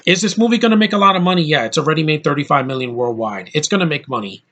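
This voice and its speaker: A man's voice: fairly high pitch, very fast, a bit bright, muffled recording. A man giving a blunt, ranting movie review in casual speech, with lots of fillers and restarts. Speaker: film reviewer.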